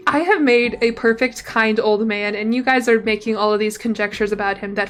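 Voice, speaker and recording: A woman's voice: a little high, fairly even intonation, fairly quick, hardly any pauses, faint music behind. A woman streaming from her room at home, chatting playfully with her viewers and reading game text aloud into a desk mic. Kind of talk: casual gameplay commentary.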